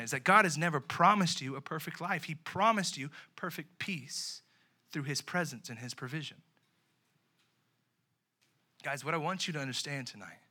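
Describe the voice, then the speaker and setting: Bright-voiced young man preaching. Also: on the high side. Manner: animated preaching that swings between loud and hushed; casual, chatty storytelling with fillers. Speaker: pastor. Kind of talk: sermon.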